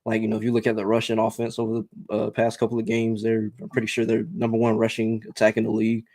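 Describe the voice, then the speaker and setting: A man co-hosting a sports podcast, giving measured analysis with lots of ums and you-knows. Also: fairly low pitch, completely flat delivery, darkish tone, no room sound. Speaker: podcast co-host.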